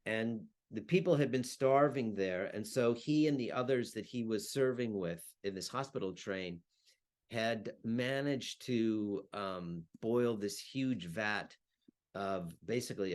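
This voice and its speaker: A historian and translator, a man, giving a talk and reading aloud, measured with some hesitant fillers. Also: lowish voice. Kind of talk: talk with a read-aloud excerpt.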